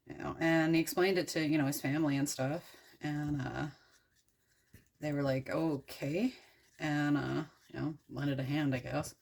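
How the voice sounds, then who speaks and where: A woman's voice: low-pitched, measured pace, vocal fry, darkish tone, a little hiss or hum. A young adult woman from the United States retelling a story in a casual, irreverent and profane way, rambling with many fillers. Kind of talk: casual storytelling while crafting.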